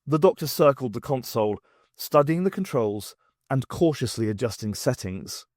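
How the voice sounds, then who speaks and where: Man, audiobook narration, expressive storytelling, animated pitch, dry close sound. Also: normal speed, no echo. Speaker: audiobook reader.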